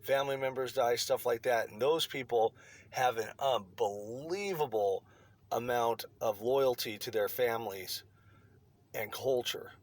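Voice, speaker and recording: A man's voice: medium pitch, unhurried, no echo. A man delivering a blunt, profane opinion rant to his online viewers. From United States. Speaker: vlogger.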